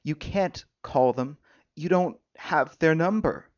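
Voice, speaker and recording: A man's voice: a little high, slow. A man voicing a groggy, hurt young woman. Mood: dazed. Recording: dry, dull lo-fi recording.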